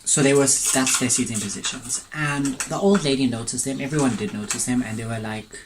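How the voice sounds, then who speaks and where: A chatty man tells a story while eating, tasting his food between sentences and wandering off into asides. His voice sits at an ordinary middle pitch. A faint steady noise runs behind him at home. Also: brisk, hardly any pauses. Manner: rambling, digressive, chatty. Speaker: mukbang vlogger.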